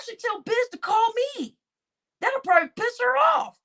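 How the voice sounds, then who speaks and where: A woman's high voice swings up and down as she rants through livestream commentary. She is indignant and exclaiming, and she speaks straight to her viewers. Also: animated, normal speed, gravelly, pushed and bright. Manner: indignant, exclaiming, addresses chat.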